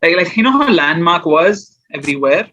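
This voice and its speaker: A man's voice: fairly high pitch, very animated, normal speed, sharp tone, highs cut off. A man guesting on an interview show, chatting casually about publishing his poetry and rambling with fillers and restarts. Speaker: guest poet and small business owner.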